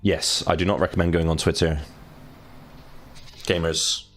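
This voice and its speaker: Deep-voiced joking young man streamer. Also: little pitch movement, a little slow, fairly bright tone, soft background music. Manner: joking, sarcastic asides while reading. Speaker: gaming streamer. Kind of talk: casual let's-play commentary, reading game text aloud.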